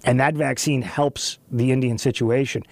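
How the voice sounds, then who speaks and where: Animated talk radio host, dry studio sound. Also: male voice, medium pitch, moderate pace, gravelly, no room sound. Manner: animated, rambling with restarts and laughing asides. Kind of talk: casual talk radio chat. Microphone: studio microphone.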